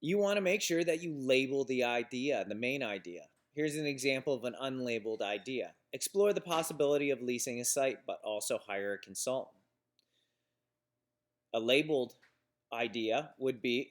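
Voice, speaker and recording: A man's voice: medium pitch, animated, normal speed. Man lecturing on business writing. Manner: explains examples plainly, with restarts and fillers. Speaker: instructor.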